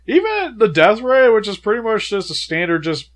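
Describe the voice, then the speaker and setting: Young man, casual review chat, sick, animated, filler-heavy, lively pitch. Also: normal speed. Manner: animated, chatty, many "like" fillers. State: sick, feeling unwell. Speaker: co-host of a movie review show.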